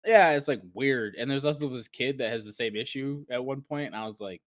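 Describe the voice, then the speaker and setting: A man's voice: mid-range voice, fairly quick. A man co-hosting a podcast in casual chat, rambling with many restarts and acting out his own reactions. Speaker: podcast co-host.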